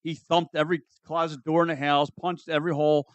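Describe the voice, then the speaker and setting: A man's voice: fairly high pitch, flat delivery, brisk, no room sound. A man in his thirties, co-hosting a podcast with a laid-back, joking manner. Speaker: podcast co-host. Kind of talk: casual chat.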